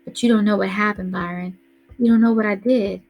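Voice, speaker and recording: A woman's voice: mid-range voice, fairly even intonation, a little fast, dull audio, lightly acted. A woman reading aloud voices an anxious young boy who pleads and protests in distress. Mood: ashamed. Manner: pleading, upset.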